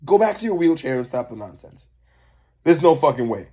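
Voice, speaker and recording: A man's voice: fairly high pitch, big pitch swings, a little fast, mellow. A young man co-hosting a reaction video, ranting in heated, profane casual commentary.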